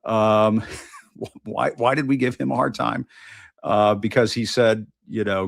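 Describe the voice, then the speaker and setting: A middle-aged man hosting his own news show, delivering an impassioned, emphatic political monologue full of repetition and profanity, with halting restarts. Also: fairly low pitch, vocal fry, no echo, studio quality. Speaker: host of an independent news show.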